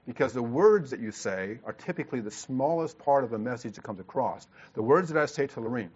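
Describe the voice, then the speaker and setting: Fast-talking man leading a couples seminar. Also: medium pitch, animated, slightly rough. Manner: fast, repetitive, with stammered restarts. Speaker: marriage workshop leader. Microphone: handheld mic. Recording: dull lo-fi sound.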